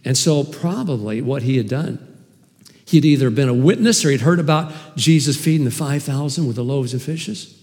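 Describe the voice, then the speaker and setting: A man preaching a sermon as pastor, animated and emphatic, with sudden swings in loudness. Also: medium pitch, normal speed, in a large hall. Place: church hall.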